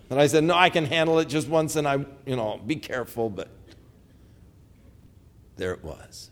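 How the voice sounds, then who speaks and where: Male pastor preaching, folksy anecdotes, soars high then sinks to a hush. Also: animated, moderate pace, long pauses. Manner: swings from loud preaching to hushed pleading; folksy storytelling with restarts. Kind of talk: sermon.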